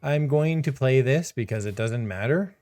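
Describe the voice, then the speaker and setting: A man's voice: medium pitch, normal speed, darkish tone, faint music behind. A man commenting casually on his own card game, sarcastic and exasperated, laughing in disbelief. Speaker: streamer playing a card game.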